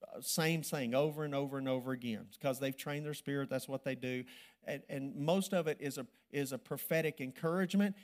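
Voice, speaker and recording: A man preaching a sermon, telling a church story and building to loud, emphatic preaching. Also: a little high.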